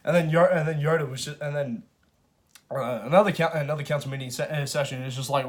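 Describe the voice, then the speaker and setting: A man's voice: fairly high pitch, fast talker. A man giving a casual spoken film review, rambling with many restarts and fillers, and swearing freely. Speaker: movie reviewer.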